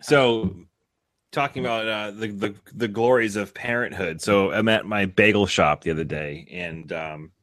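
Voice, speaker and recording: Male co-host, lower voice with a bright edge, halting chatty storyteller. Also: no room sound. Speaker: podcast co-host. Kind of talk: casual chat.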